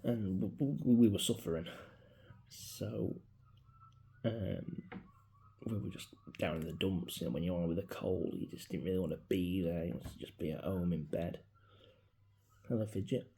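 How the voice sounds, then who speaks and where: A man, talking casually and reflectively into his phone in a personal vlog, his voice often dropping to a soft mutter. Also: deep voice, normal speed, gravelly, pauses often, a little hiss or hum. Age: 40s. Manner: rambling, reflective, grieving, drops into soft mutters. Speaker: vlogger. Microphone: mobile phone.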